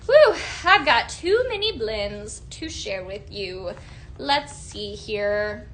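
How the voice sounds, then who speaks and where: A woman hosting a live shopping stream, gushing in an upbeat sales pitch to viewers she calls her friends. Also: sing-song, slow, a bit bright, slight background noise.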